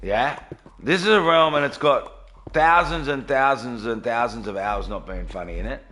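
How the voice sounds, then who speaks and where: A man's voice: medium pitch, normal speed, sharp tone. A man live-streaming a game from his home studio, chatting casually and greeting viewers by name.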